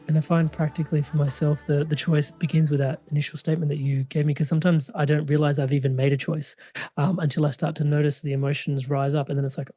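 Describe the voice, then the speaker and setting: A man's voice: fairly high pitch, flat delivery, quick pace, mellow, faint music behind. A man hosting a podcast interview, reflective and hesitant, with frequent fillers. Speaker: podcast host. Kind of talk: interview and audience call-out.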